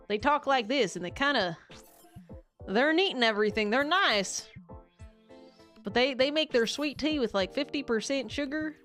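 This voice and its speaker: A woman streamer in loose, rambling casual chat, her voice sitting a little high. She swears offhandedly, restarts her sentences and breaks into laughter often. Soft music plays faintly under her.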